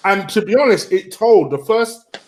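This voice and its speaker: A man in casual football chat, excitable and swearing, stumbling over his words. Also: sits high, normal speed. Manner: excitable, swears, stammers on restarts. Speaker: football podcast guest.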